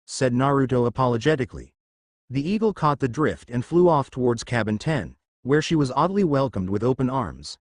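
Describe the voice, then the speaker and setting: A man narrating a fan fiction story in an even, unhurried reading voice. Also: mid-range voice, no room sound, clean studio sound.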